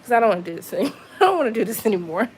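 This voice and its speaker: A woman's voice: a little high, very animated, rapid-fire, a little hiss or hum. A woman chatting casually on a live stream from her apartment, venting in an exasperated way with lots of asides. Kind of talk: casual chat to viewers.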